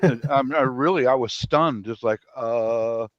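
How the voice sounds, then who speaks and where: A man's voice: mid-range voice, a little slow. A man with a mid-range voice telling a story in casual podcast talk, stumbling over repeated words. The sound is dull and lo-fi, with no room echo.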